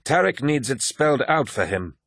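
A man doing a brash war captain, curt and mocking, set higher than the narrator's usual voice. It has a husky grain in a dry, close read. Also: sing-song, moderate pace, fairly bright tone, no echo. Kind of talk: audiobook character voice.

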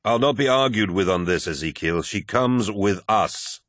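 A man's voice: fairly low pitch, lively intonation, normal speed, a bit bright, dry recording, clean studio sound. Horus, a man voicing a weary warlord. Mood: weary, grave. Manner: weary, grave, authoritative. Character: weary wounded male warlord, commanding.

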